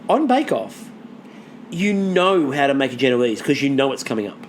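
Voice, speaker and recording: A man's voice: mid-range voice, moderate pace. Guy on a podcast, swears a lot, voice all over the place, bit of hiss behind. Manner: animated, swears freely, lists things off. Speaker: podcast co-host. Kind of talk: casual chat.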